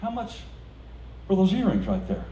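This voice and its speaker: A man giving an animated storytelling speech to a live audience at a celebration, laughing through his punchlines. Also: sits high, normal speed. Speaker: speaker at a celebration. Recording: echoey room heard from a distance, faint background noise.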